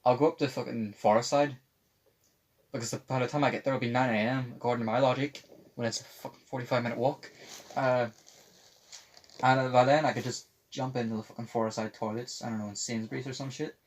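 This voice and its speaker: This young man hosts a laid-back podcast and talks fast in a medium-pitched, fairly even voice. His story wanders, he curses freely, and he imitates others whenever he quotes them. Faint background noise can be heard.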